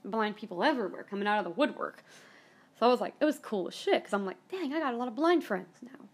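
A woman's voice: a little high, animated, quick pace, husky. A woman hosting her own podcast, telling a personal story with strong emotion, often repeating herself and trailing off. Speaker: podcast host.

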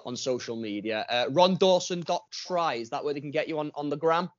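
A man's voice: on the high side, a little fast, no echo, lo-fi sound. A man hosting a casual podcast, chatty and teasing, enthusiastic when praising a guest. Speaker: podcast host.

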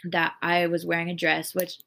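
Speaking at a moderate pace with vocal fry, a fairly low-pitched woman with a fairly bright tone keeps her delivery completely flat. As host of a casual faith podcast, she rambles earnestly and says "like" a lot.

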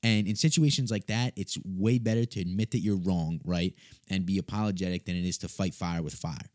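Deep-voiced young man telling a story. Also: brisk, no room sound, clean studio sound. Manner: animated, swearing, self-mocking. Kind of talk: casual comic storytelling.

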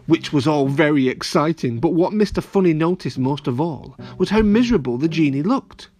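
A man's voice: a little high, moderate pace, faint music behind. A man reading a children's audio story aloud, playful and talking to the kids directly. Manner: animated, playful, addresses children.

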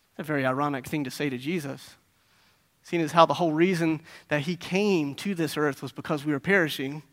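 A man preaching a sermon, telling stories with acted-out voices and asking his listeners questions. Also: a little high. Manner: animated storytelling, acting out voices, asking the audience questions. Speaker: pastor.

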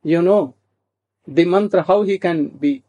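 Slow, mellow-voiced man telling a devotional story. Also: sits high. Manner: slow, halting, many restarts and asides, asks "hmm?".

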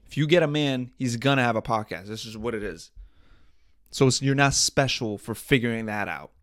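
A man's voice: mid-range voice, moderate pace, a bit bright, dry recording, clean studio sound. A young man hosting a casual solo podcast, telling stories in profane slang and laughing often. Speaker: podcast host.

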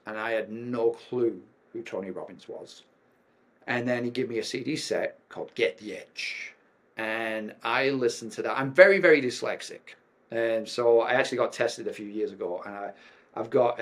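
English man, middle-aged, podcast guest; candid, hesitant delivery full of ums, mid-pitched. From England. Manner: frank, with frequent ums and restarts. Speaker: podcast guest, performance coach. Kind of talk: candid personal storytelling.

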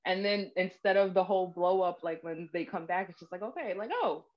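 A woman's voice: fairly low pitch, little pitch movement, brisk. A woman in casual chat, talking in a reflective way and laughing easily. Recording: dull, lo-fi sound.

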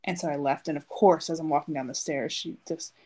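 A woman in her thirties with a low, fairly quick, slightly mellow voice and steady tone co-hosts a podcast, recorded roughly. In casual, chatty conversation she tells a long story, acting out the quotes.

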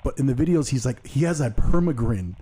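A man's voice: medium pitch, expressive, a little fast, mellow, a little hiss or hum. A man hosting a podcast in casual chat, rambling and joking at his own expense. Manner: rambling, jokey, self-deprecating. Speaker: podcast host.

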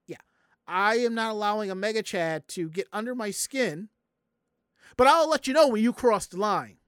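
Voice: mid-range voice, clear, resonant tone, no room sound. Casual storyteller, from the southern US, swears freely, acts out voices, dry close sound. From Southern United States. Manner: animated, profane, acts out the people in the story. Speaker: streamer telling a story to chat.

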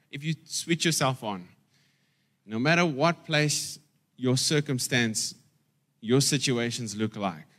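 Pastor guy preaching, punchy, says stuff twice, mid voice. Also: medium pitch. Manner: emphatic, repeats phrases, swings in loudness. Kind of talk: sermon.

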